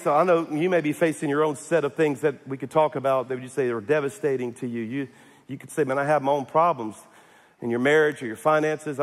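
A man preaching a sermon in a church, humorous, with restarts and calls for amens. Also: a little high. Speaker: pastor. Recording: echoey hall.

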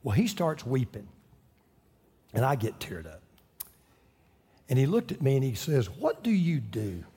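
A man's voice: mid-range voice, sing-song, a little slow, dark tone, breathy edge, in a large hall. A man, a pastor, telling a story in his sermon and building to fervent preaching.

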